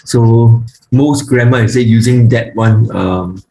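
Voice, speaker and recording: A man teaching a grammar lesson, speaking haltingly with frequent fillers and restarts, and slowly reciting word forms one by one. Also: mid-range voice, dark tone, a little hiss or hum, poor audio. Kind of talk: online Hebrew grammar lesson.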